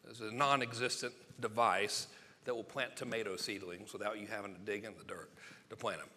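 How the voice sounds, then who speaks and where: A man teaches sales copywriting at a live seminar, talking fast and excitably with plenty of jokes. His voice is bright and tense. It rings out with long reverb from the hall. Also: fairly low pitch, slight background noise. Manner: excitable, fast, joking, acts out quotes.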